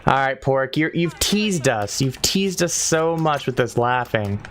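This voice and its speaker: Give me a man streaming a game, animated and cussing, with lively intonation. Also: mid-range voice, measured pace, slight background noise. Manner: animated, swearing, thinks aloud. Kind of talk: casual gaming stream chat.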